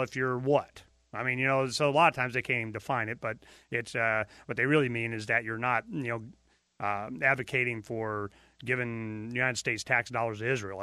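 A man's voice: mid-range voice, sharp tone, no room sound. A man hosting a talk radio show, talking in a rambling, emphatic way with many fillers into a close studio mic. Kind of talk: casual talk radio monologue.

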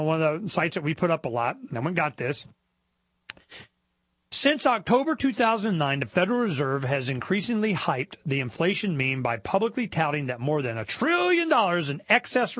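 A man's voice: high voice, fairly bright tone, husky, dry recording. A man hosting a talk show, commenting casually while reading news aloud, with mocking asides and rhetorical questions.

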